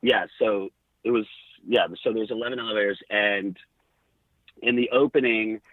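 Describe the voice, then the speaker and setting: A man's voice: lowish voice, moderate pace, no echo. Man telling stories over a tinny line. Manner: animated anecdotes with quoted dialogue. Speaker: podcast guest. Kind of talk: casual storytelling.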